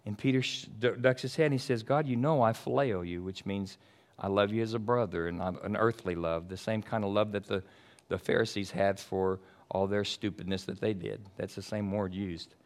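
Pastor, male, preaching a sermon; emphatic and chatty, shifts from loud to hushed. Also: on the low side, moderate pace. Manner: casual and chatty with the congregation.

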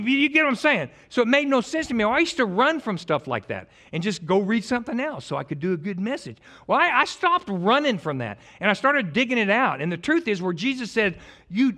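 A middle-aged pastor preaching in a rather high voice. He jokes, stumbles into restarts and swings between loud bursts and soft asides as he rambles through his sermon. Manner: joking, animated, rambling with many restarts.

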